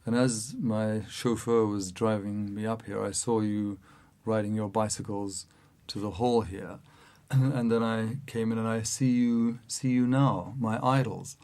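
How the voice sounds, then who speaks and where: A man softly quoting a famous male boxer who addresses a lecture hall in a quiet, gentle voice. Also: medium pitch, fairly even intonation, measured pace, hardly any pauses, close to an everyday voice.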